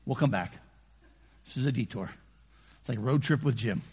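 A man preaching in a church, his slightly husky voice swinging widely in pitch as he moves from quiet asides to shouted emphasis. His words ring out with a long reverb through a large hall. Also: animated, normal speed. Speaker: pastor. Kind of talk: sermon.

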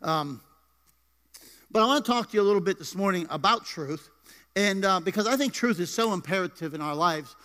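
A man's voice: high voice, animated, a little fast, pushed and bright. A man preaching a sermon in a church, playful and joking with his congregation. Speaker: pastor. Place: church sanctuary. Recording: live church hall reverb.

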